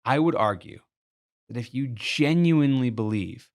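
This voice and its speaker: A man's voice: mid-range voice, expressive, a little slow. A man giving a sales training talk, earnest and explanatory, walking the listener through an everyday store example. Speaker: sales coach.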